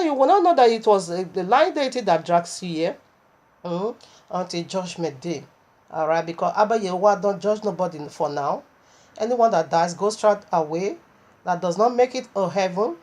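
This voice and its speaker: A woman's voice: fairly low pitch, expressive, moderate pace, darkish tone. A woman preaching a sermon, impassioned and repetitive, with stammering restarts as she recounts a vision.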